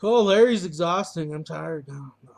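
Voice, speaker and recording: A man co-hosts a laid-back podcast. His voice sits high for a man. He mostly chimes in with short, offhand comments. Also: animated, normal speed, gravelly, dry recording. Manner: brief, offhand interjections. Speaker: podcast co-host. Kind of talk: casual podcast chat.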